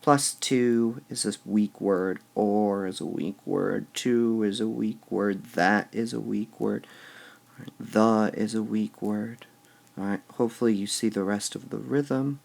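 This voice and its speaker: A man teaching poetic meter in a recorded lesson, slowly sounding out syllables and muttering to himself as he marks the stresses. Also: lowish voice, steady tone, gravelly, a little mellow. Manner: slow and deliberate, sounding out stressed syllables, drops to a mutter when writing.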